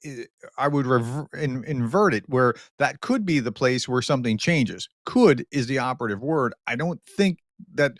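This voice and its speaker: A male co-host talks politics in a measured, hesitant way, his pitch in the middle range. He tries to keep things in perspective, and his voice sounds dry and close to the mic. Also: animated, no echo. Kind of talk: casual political discussion.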